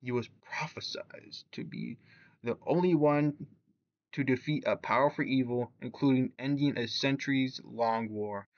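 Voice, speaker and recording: A man's voice: medium pitch, a little slow, dull audio. A man reviewing characters in casual commentary, reading text aloud and stumbling over words, full of fillers and restarts. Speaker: YouTube reviewer.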